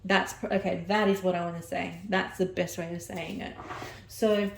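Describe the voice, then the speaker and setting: A woman's voice: lowish voice, flat delivery, moderate pace, vocal fry, echoey room, a little hiss or hum. A woman giving an oracle card reading, rambling and searching for her words as she corrects herself mid-sentence. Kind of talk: personal oracle reading to camera.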